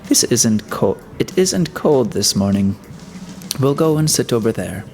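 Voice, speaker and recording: A man's voice: mid-range voice, animated, measured pace, a little mellow, soft background music. A man voicing a menacing, mocking middle-aged schemer in a storybook reading, familiar and cajoling.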